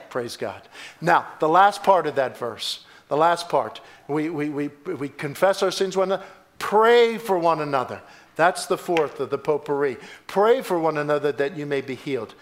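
A man preaching a sermon as pastor, emphatic and storytelling, swinging from loud exclamations to hushed asides. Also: fairly high pitch. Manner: storytelling with repeated words and restarts.

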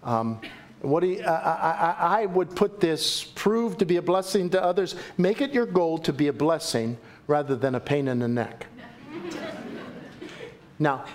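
Male pastor, lively jokey sermon, high voice with big swings. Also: a little slow, long pauses. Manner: animated, jokey, acts out quotes with big pitch swings. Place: church sanctuary.

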